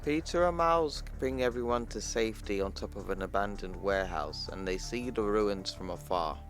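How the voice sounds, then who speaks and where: A man's voice: lowish voice, expressive, normal speed. A man casually retelling a comic book storyline for his viewers and calling them "people", with faint music underneath. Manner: chatty, addresses viewers as "people", retells dialogue plainly. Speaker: comic book explainer channel host. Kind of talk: casual comic recap narration.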